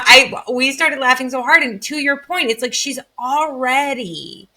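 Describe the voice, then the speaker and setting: Woman, 30s, podcast guest; crisp bright tone, expressive storyteller who acts out moments. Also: high-pitched, normal speed, hardly any pauses. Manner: animated, acts out anecdotes with lively emphasis. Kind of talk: casual conversational storytelling.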